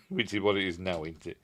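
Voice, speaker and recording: Low-voiced Yorkshire man chatting about film. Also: fairly bright tone, no echo. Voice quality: rambling, self-correcting, with chuckles and asides. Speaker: film reviewer, channel host. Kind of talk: casual film commentary.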